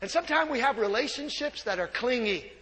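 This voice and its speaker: A male pastor preaches in a sanctuary with a strikingly high, bright and forceful voice. He drops to near whispers, then bursts into shouts, and laughs through his own jokes. The sound rings out with a long hall reverb. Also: lively intonation, fairly quick. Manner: preaching with swings from hushed to shouting; humorous asides and laughter. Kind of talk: sermon. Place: church sanctuary.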